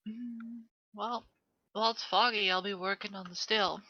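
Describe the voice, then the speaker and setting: A woman playing in a tabletop game, practical and measured, over dull lo-fi call audio. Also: medium pitch, steady tone, bright, forceful tone. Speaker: player.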